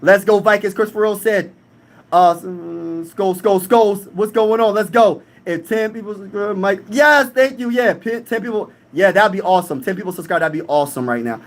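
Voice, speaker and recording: Young guy on a live stream, higher voice, reading chat, talking big and hyped. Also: moderate pace. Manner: hyped, boastful, reads chat comments aloud.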